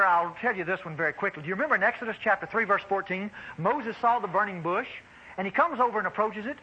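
A man preaching a sermon, animated and exclaiming, addressing the congregation as beloved. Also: sits high, slightly rough, highs cut off.

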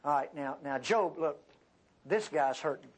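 A man teaching the Bible verse by verse, speaking conversationally to his class and acting out quoted speech with lively swings of voice. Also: a little slow, slightly rough. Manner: animated, acts out quoted speech with big pitch jumps; conversational, addresses the class directly.

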